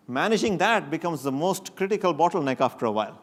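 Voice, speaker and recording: A man giving a technical conference talk to an audience, lively and joking, often rising sharply for emphasis. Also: a little high, fast, few pauses. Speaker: conference speaker. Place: conference stage before an audience.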